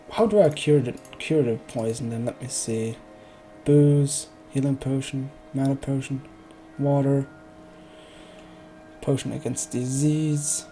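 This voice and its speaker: A man's voice: mid-range voice, mellow. A man streaming a video game, joking and thinking aloud as he plays. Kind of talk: casual let's play commentary.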